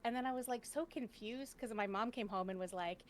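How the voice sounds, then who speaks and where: A woman's voice: on the high side, fairly quick, slight background noise. Chatty woman telling a family story. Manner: chatty, laughs often, acts out quoted family lines. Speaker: panelist. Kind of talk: casual storytelling on a panel.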